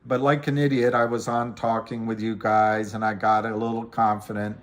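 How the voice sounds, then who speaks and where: With a lowish voice, level tone, and moderate pace, a middle-aged man hosts a laid-back livestream on stocks. He talks through trades in a rambling, self-deprecating way and answers comments from his viewers.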